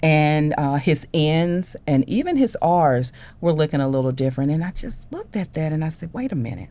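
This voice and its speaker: Animated mom telling a story. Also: female voice, low-pitched, normal speed. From Houston, Texas. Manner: animated storytelling, acts out dialogue. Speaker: parent panelist. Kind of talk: panel discussion storytelling.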